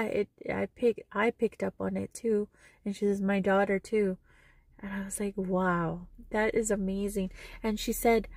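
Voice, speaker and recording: Earnest woman with a gravelly edge. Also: medium pitch, darkish tone, no echo, studio quality. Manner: emotional, earnest, retelling conversations. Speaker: vlogger. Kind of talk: personal storytelling vlog.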